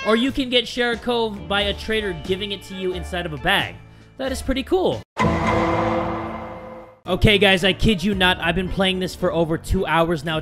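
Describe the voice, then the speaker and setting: Young male gamer, high and bright, excitable let's-play host who swears and yells at setbacks. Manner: excitable, reads game text aloud, swears, yells at setbacks. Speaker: gaming YouTuber.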